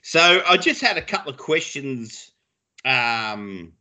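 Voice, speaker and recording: A man's voice: mid-range voice, sing-song, takes it slowly, bright, forceful tone. An Australian man co-hosting a podcast, chatting casually and swearing freely as he tells stories. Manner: swears freely, laughs often. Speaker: podcast co-host. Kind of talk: casual chat.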